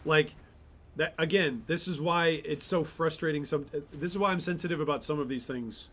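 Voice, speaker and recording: A man's voice: a little high, normal speed, a bit bright. A man hosting a gaming channel, giving casual gameplay commentary with rambling, exasperated asides.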